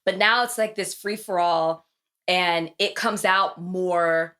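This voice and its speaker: A woman's voice: lowish voice, fairly even intonation, takes it slowly, bright, forceful tone. A woman with a Southern US accent hosting a podcast in casual chat, restarting sentences and laughing often. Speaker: podcast host.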